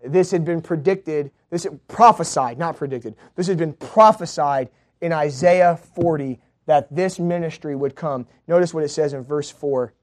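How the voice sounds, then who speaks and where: A male preacher delivering a sermon, moving from quiet teaching to loud proclaiming. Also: normal speed. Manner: builds from low, quiet teaching to loud, high-pitched proclaiming.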